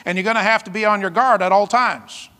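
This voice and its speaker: A male pastor preaching with an emphatic, dramatic delivery, throwing out rhetorical questions and sudden exclamations. His voice sits high and sounds bright and forceful. It rings out with a long reverb, as if in a church hall. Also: fast. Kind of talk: sermon.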